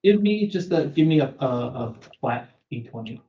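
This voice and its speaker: A man's voice: medium pitch, expressive, normal speed, warm tone. A man acting as game master, narrating a tabletop game in a rambling, hesitant way with lots of fillers. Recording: roomy, dull lo-fi audio.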